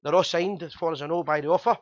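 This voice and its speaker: A Scottish man hosting a fan chat show, talking fast and chatty with jokes. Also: fairly high pitch, steady tone, no room sound, lo-fi sound.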